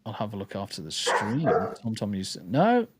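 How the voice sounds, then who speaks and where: A man's voice: fairly low pitch, wildly swooping pitch, moderate pace, heavy background noise. Sweary man ranting casually. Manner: blunt, sweary, rambling with restarts. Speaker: podcast co-host. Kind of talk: casual live-stream chat.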